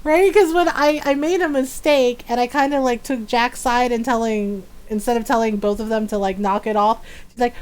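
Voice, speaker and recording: A woman streamer chatting casually while playing a game, animated, laughing often and mimicking characters as she tells a story. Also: on the high side, moderate pace, clean tone.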